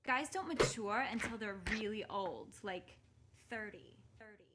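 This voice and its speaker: A woman's voice: medium pitch, a little slow, lightly acted. An actress playing a know-it-all teenage girl giving matter-of-fact advice, in a noisy clip.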